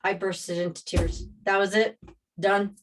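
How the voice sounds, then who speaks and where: A woman casually telling a personal story, rambling and animated as she re-enacts scenes. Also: mid-range voice, a little slow, faint music behind.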